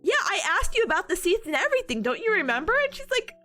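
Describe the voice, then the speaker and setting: A woman's voice: extremely high pitch, very animated, racing, bright, forceful tone, faint music behind. A woman streamer chatting casually and telling stories in a bubbly, giggly way, her voice a little worn from hours of talking. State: voice tired from long talking. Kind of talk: casual chat.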